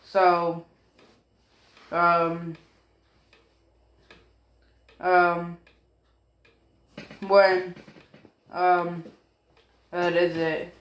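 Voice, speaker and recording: A man's voice: high-pitched, monotone, very slow, long pauses, fairly bright tone, reverberant. A man narrating a fan story in a rambling, casual way, swearing often and filling gaps with ums and apologies. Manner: rambling, profane, full of fillers and apologies.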